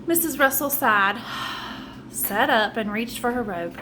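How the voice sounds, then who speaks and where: A high-voiced woman reads a children's chapter book aloud, dropping in chatty little asides as she goes. The noisy home recording keeps a clear hiss under her voice. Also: a little slow. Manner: chatty asides between passages. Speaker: storybook reader.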